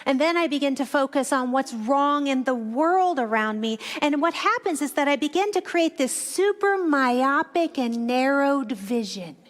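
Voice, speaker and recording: A woman minister gives a reflective sermon in a church, her voice sitting high. She tells stories and turns often to speak directly to the congregation. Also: lively intonation, measured pace, few pauses. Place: church sanctuary.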